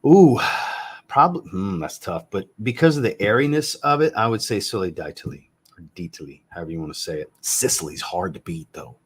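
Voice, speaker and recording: A man's voice: sits low, expressive, fairly quick, slightly rough. A man in his thirties hosting a casual live chat about fragrances from home, blunt and joking, and he swears casually. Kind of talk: casual livestream chat answering viewers. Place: home room with a fragrance shelf.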